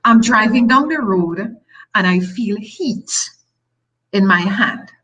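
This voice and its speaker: A woman's voice: mid-range voice, takes it slowly, muffled recording. A middle-aged woman with a Tobagonian accent, a talk show guest telling a personal story with emphatic repetition. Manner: emphatic, repeats phrases, animated storytelling.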